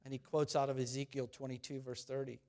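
A man preaching a sermon, animated and storytelling, rising and falling in volume. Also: medium pitch, quick pace. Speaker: pastor.

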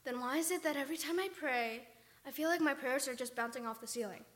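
A woman's voice: very high-pitched, animated, a little slow, sharp tone, exaggerated voice. An actress playing a despairing young woman who complains to God in a whiny, self-pitying way, in a comedy sketch.

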